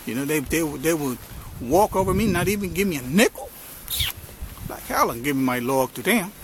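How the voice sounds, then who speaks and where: A man's voice: fairly high pitch, expressive, moderate pace, slight background noise, close to an everyday voice. A man doing a bitter homeless man. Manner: grumbling, scornful.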